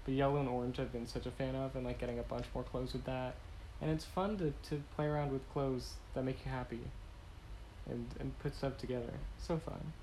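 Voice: mid-range voice, steady tone, brisk, a little mellow, a little hiss or hum, rough recording. A young American podcast co-host chatting playfully and rambling about everyday topics. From United States. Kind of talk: casual chat.

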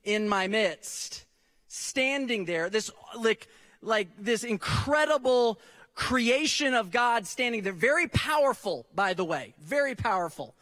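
Pastor, male, high-pitched, animated and conversational in the pulpit. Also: measured pace. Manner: conversational, speaks directly to the congregation; animated storytelling with frequent restarts. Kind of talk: sermon.

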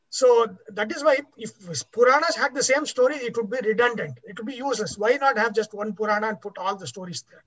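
A man with a very high, fairly bright voice teaches a class, explaining material lecture-style. He keeps restarting his words and checks in with "right?", and the recording is dull and lo-fi.

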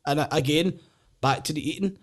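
A man's voice: on the high side, brisk. Self-deprecating Scottish man, open and candid. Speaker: comedian and guest. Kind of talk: candid conversation.

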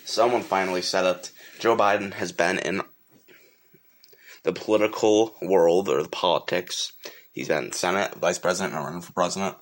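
A man's voice: sits low, fairly even intonation, normal speed. A male host chatting casually, rambling a bit and correcting himself as he goes. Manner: loose, rambling remarks with self-corrections. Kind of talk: casual chat.

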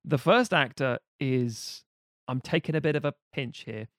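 A man's voice: mid-range voice, a bit bright, no room sound, clean studio sound. A man co-hosting a podcast, chatting casually and joking with a lot of swearing. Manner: fast, joking, sweary storyteller. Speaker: podcast co-host pitching a film. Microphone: podcast mic.

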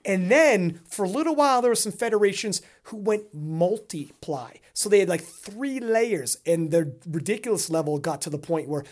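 A man co-hosting a casual podcast, talking in a rambling, animated way and laughing often. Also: sits high, moderate pace, few pauses. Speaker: podcast co-host.

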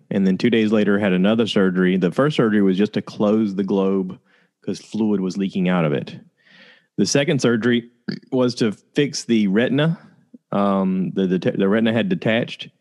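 Male podcast host, lower register, candid first-person storytelling, loose and conversational with fillers. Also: moderate pace, darkish tone.

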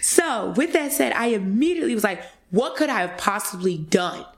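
Animated woman telling a money story. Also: fairly high pitch, moderate pace. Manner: animated, acts out quoted voices, addresses listeners as y'all. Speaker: podcast guest speaker. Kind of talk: casual storytelling to listeners.

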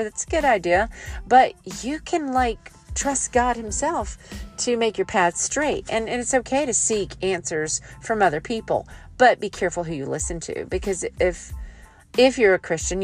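A woman host giving a casual devotional talk, chatty and joking and going off on tangents. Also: fairly low pitch. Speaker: audiobook narrator.

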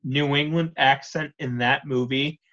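A man's voice: mid-range voice, steady tone, a little slow, fairly bright tone. Joking young man with a lo-fi sound. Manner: joking, swears freely. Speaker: podcast co-host. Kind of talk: casual chat.

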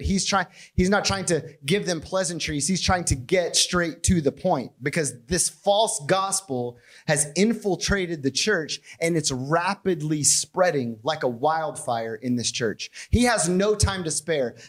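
A man preaching a conversational sermon as pastor, animated and playful with his asides. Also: a little high. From United States.

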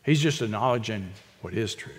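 A man preaching an expository sermon, emphatic and repetitive, with quick asides to the congregation. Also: fairly low pitch, lively intonation, in a large hall. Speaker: pastor.

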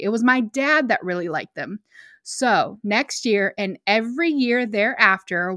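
A young woman co-hosting a podcast, reading a story aloud and then chatting, emotional and quick to get choked up. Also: on the high side, sharp tone, no echo, studio quality. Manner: emotional, choked up, laughs often. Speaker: podcast co-host.

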